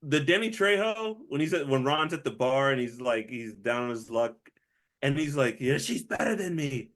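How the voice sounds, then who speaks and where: A man co-hosting a casual movie review podcast, talking in an animated way, laughing often and full of "like" and restarts. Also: mid-range voice, normal speed. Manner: animated, laughs a lot, acts out quotes; hesitant restarts, says "like" often. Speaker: podcast co-host.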